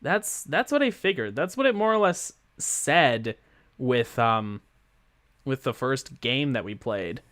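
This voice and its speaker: A man's voice: mid-range voice, lively intonation, slow, fairly bright tone, dry recording, studio quality. Chatty giggly male game streamer. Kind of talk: casual gameplay commentary. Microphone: close mic with pop filter.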